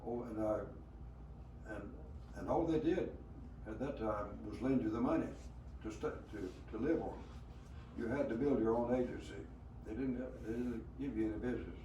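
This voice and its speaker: A man's voice: on the low side, mellow, highs cut off. A man in his nineties from rural Alabama with a Southern American accent, telling stories from his life in an interview, rambling along with many hesitations and chuckles. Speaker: veteran being interviewed. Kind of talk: storytelling interview. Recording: roomy, from a distance, faint background noise.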